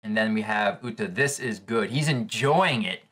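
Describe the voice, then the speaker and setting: A man giving live reaction commentary on a comic chapter, excitable and thinking aloud with restarts. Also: lowish voice, moderate pace. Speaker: comic reaction channel host.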